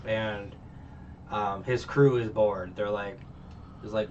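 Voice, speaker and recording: A man's voice: lowish voice, steady tone, takes it slowly, pauses often. A man giving a casual, rambling recap of a show, full of fillers and laughs. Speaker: reviewer. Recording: distant dull mic with faint noise.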